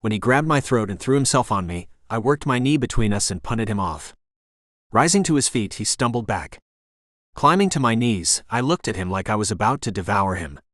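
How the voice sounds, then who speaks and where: A male audiobook narrator telling a first-person romance with an intense, dramatic edge. His voice sits on the low side, and the studio recording is close and dry, with no room sound. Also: animated, moderate pace, a bit bright, no room sound.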